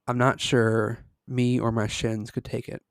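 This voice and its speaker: A man reading aloud, voicing a large police officer who speaks calmly and jokes a little. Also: mid-range voice, measured pace, clean tone, no echo, clean studio sound, natural voice. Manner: wry, calm.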